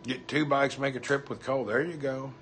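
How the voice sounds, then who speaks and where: A man's voice: mid-range voice, fairly even intonation, a little fast, fairly bright tone, a little hiss or hum. A man with a Southern US accent, chatting casually on a livestream, reading viewer comments and greeting people by name in a folksy way. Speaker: livestream host.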